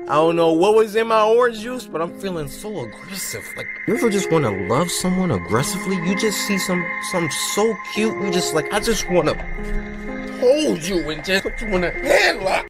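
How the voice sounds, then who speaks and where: A man hosting a horror video reaction, talking in playful, slangy, excitable outbursts. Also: high-pitched, normal speed, over loud music. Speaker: YouTube horror reaction host.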